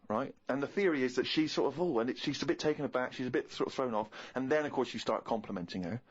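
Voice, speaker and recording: A man co-hosting a podcast, telling comic stories in an animated, rapid way. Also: mid-range voice, husky, dull audio. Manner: animated, rapid anecdotal delivery. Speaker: co-host.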